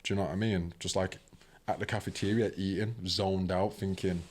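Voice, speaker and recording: Young british guy with a deep low voice, chatty, acts out bits of his stories. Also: fairly quick, husky. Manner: animated, acts out quoted voices; fills talk with "do you know what I mean". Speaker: podcast guest. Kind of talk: casual storytelling.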